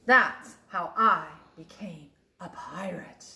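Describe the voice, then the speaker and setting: An older woman, a grandmother, reading a children's picture book aloud in a lively, expressive way with small slips. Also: on the low side, slow, noisy background. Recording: roomy echo.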